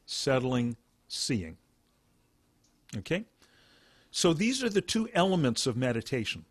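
A man teaching a meditation class who talks in halting phrases, restarting often and explaining with plain examples. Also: medium pitch, no echo. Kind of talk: dharma talk.

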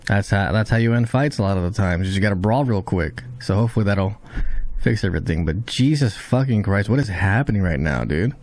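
Fairly quick and casual, a man's excitable reactions to an anime episode are laced with free swearing. Shocking moments make his voice jump high.

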